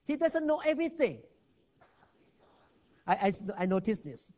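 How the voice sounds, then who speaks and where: A male pastor preaching a sermon in non-native English, emphatic and swinging between loud and hushed, recorded in a church hall on a dull lo-fi recording. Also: very high-pitched, sing-song, measured pace.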